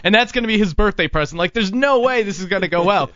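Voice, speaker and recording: A man's voice: high-pitched, expressive, fast, fairly bright tone, no echo, highs cut off. A man hosting a casual talk show, telling rambling stories with plenty of restarts. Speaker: podcast host. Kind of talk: casual chat.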